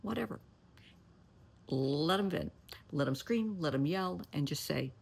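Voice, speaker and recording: A middle-aged therapist offers homespun, plainspoken advice straight to camera, using endearments like honey and sweetheart and at times hushing to nearly a whisper for emphasis. Her lowish voice is animated, husky, and darkish, with vocal fry at a moderate pace.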